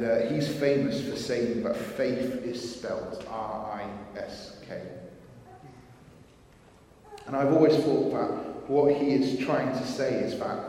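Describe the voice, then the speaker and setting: A man delivers a sermon at an unhurried, earnest pace, his voice slightly higher than usual. He is recorded from a distance in a large, reverberant hall. A faint room hum sits under his words. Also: mellow. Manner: slow, earnest, acts out quoted thoughts with rising pitch. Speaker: preacher.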